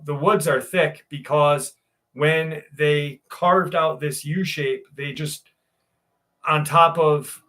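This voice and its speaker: A man's voice: mid-range voice, a bit bright. A man in his forties from New York, hosting a live stream and telling a rambling, profane story in a casual way. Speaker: show host.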